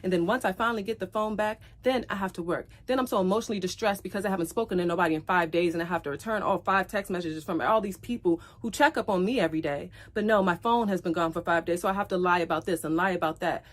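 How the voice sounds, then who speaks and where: Talking fast with hardly a pause, a low-voiced streamer pours out her side of a breakup to viewers, upset and near tears. She addresses them directly, repeats phrases, and turns loud and heated when recounting the fights.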